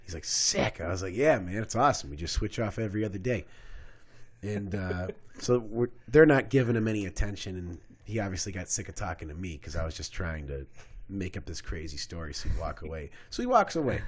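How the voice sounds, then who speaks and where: A young man co-hosting a podcast, telling a story among friends in a casual, animated way, acting out quotes and swearing freely. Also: low-pitched, a little fast, slightly rough. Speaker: podcast co-host.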